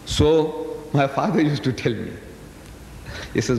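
A man in his sixties from South Africa with a South African accent, giving a lecture to a live audience in a booming, carrying voice, teasing the crowd and firing questions at them. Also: slow, creaky, pauses often. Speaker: public speaker. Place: large hall. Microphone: PA microphone. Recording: echoey hall, faint background noise.

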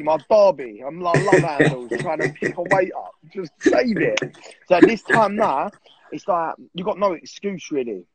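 A man's voice: a little high, animated, normal speed, a loud crowd, rough recording. A man in his twenties, a podcast guest, talking casually and bluntly with lots of swearing. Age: 20s.

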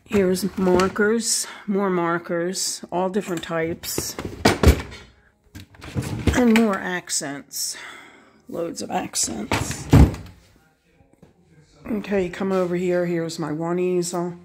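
Slow-talking woman showing her craft room. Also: on the low side, fairly even intonation, very noisy. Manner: unhurried, pointing things out one by one. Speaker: crafter giving a room tour. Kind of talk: casual home video tour. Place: home craft room, indoors.

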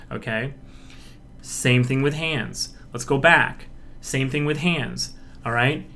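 Slow-talking, animated male instructor. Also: fairly high pitch. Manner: animated, acts out examples, filler-heavy. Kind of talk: recorded lecture with demonstrations.

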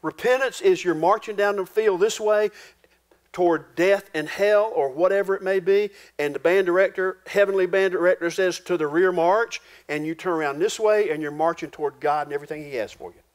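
A male pastor preaching a sermon in a folksy, homespun way, dropping low and quiet for solemn points. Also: a little fast. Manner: folksy, homespun preaching with rural turns of phrase.

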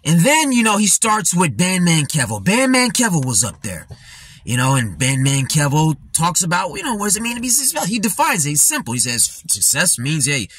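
Husky-voiced man, rambling and laughing. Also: high voice, big pitch swings, a little fast, fairly bright tone, no echo. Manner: rambling, laughing, full of "you know" fillers. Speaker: commentary vlogger. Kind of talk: casual commentary.

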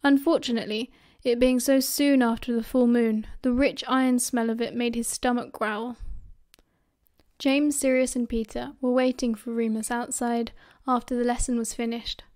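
A woman with a British accent reading a fan audiobook in steady storytelling narration. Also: a little high, normal speed.

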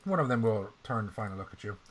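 A man running a tabletop game as game master, casual and profane, often clearing his throat. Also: on the low side, animated, rapid-fire.

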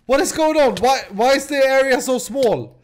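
A man hosting casual game commentary, excitable and stammering with repeated words. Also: very high-pitched, moderate pace, slight background noise. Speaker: host.

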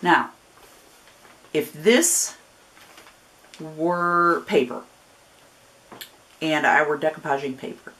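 A woman's voice: deep voice, takes it slowly, long pauses, a bit bright. A woman from Northern Ohio with a Northern US accent that has picked up a Southern twang, giving a chatty, folksy step-by-step craft demonstration with friendly warnings and rambling asides. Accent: Northern US with a growing Southern twang. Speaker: craft tutorial host.

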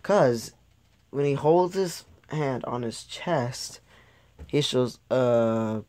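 This is casual video commentary from a young man reviewing an episode in a loose, rambling way, frequently losing track and chuckling at his own slips. His medium-pitched voice is expressive and darkish, with drawn-out words. There's no room sound.

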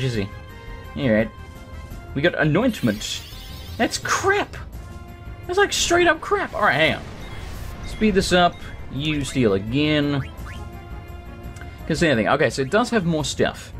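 A man hosting a let's play, talking through a game in a hyper, joking, chatty way. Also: on the high side. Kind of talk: gameplay commentary.

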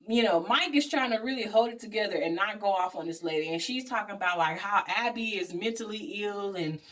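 A woman vlogger casually recapping a movie plot in an animated, slangy way. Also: medium pitch, a little fast. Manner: animated storytelling, slangy asides, acts out characters' lines. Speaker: beauty vlogger reviewing a movie.

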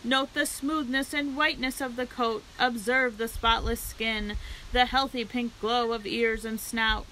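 Woman putting on a male fair announcer, pompous, bright high tone, speechifying, storybook read-aloud. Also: steady tone, a little hiss or hum, rough recording. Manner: grand, speechifying, drawn-out phrases.

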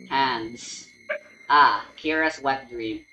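A man giving casual gameplay commentary with dry, deadpan remarks. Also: medium pitch, extremely slow, reverberant, a little hiss or hum, low-quality recording. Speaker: let's play gamer. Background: game music.

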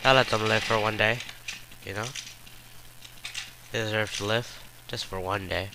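A man's voice: on the low side, steady tone, takes it slowly, pauses often, noisy background. A man giving live gameplay commentary, frustrated and trash-talking with profane outbursts.

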